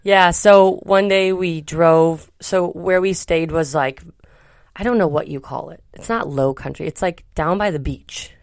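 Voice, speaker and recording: A woman's voice: on the low side, unhurried, darkish tone, no room sound, studio quality. A woman co-hosting a podcast, telling a travel story in a chatty, rambling way with many fillers. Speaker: podcast co-host. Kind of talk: casual chat.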